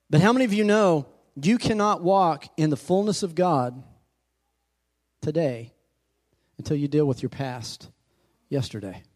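Pastor preaching, call-and-response, fairly high male voice, church sanctuary. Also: lively intonation, a little slow, pauses often, a little mellow. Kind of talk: sermon.

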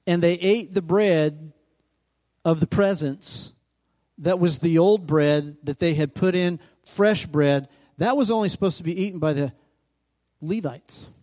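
Retelling scripture from the pulpit, a pastor throws questions out to the congregation as his emphasis mounts. He has a high-sitting, slightly mellow male voice.

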